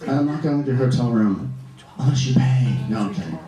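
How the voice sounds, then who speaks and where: A man doing stand-up comedy in a comedy club, camp and animated, bantering with the audience. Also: mid-range voice, brisk, soft background music. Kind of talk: stand-up comedy with crowd work. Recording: echoey club heard from a distance, audience laughter. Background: audience laughing.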